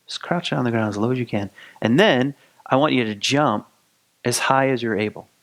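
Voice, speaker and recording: A man voicing a wise male frog who gives medicine in a spoken folktale, calm and instructing. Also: mid-range voice, fairly quick, lightly acted.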